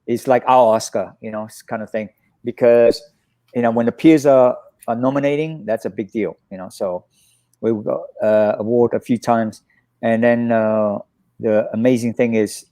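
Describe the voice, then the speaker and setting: Speaking at medium pitch and a normal speed, a male stunt coordinator recounts stories as a guest in a laid-back interview. He's animated, acting out the quotes of the people involved.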